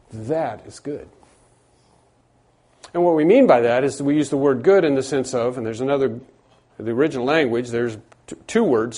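A man's voice: medium pitch, mellow. A middle-aged man preaching a sermon, explaining a passage earnestly and often repeating words for emphasis. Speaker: pastor.

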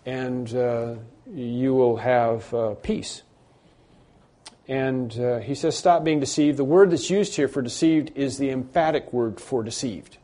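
A pastor preaching an expository sermon in a conversational way, with many fillers and restarts, rising to emphatic bursts on key points. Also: male voice, medium pitch, slow, warm tone.

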